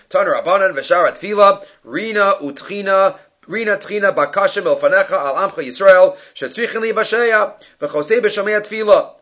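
Guy giving a talmud class, high voice, kinda muffled lo-fi recording, talks through the text out loud. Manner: explains text line by line, thinking aloud, uses Hebrew and Aramaic terms. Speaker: Talmud teacher. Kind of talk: daily Talmud class lecture.

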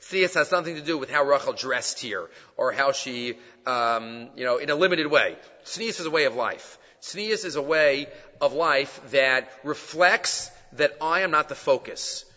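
A man teaching a text study lesson in an animated way, often posing rhetorical questions. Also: medium pitch, unhurried. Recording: dull lo-fi sound with long reverb.

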